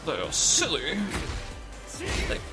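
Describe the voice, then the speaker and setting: A man riffing through a video game as a let's play host, his pitch bouncing in an animated way. He jokes, swears and laughs freely while game music plays behind him. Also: takes it slowly. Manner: excitable, joking, swears and laughs often. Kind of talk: casual gameplay commentary.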